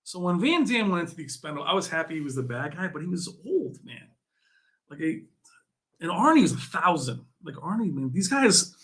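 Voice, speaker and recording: Bright-voiced excitable male streamer. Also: a little high. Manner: excitable, jokey, laughs often. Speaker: livestream host. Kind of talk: casual livestream chat.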